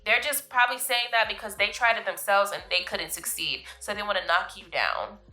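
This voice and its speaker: Bright-voiced woman giving pep talks. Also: mid-range voice, fairly quick, soft background music. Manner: chatty and emphatic, calls viewers "boo", laughs often. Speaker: vlog host giving life advice. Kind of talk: casual motivational talk to camera.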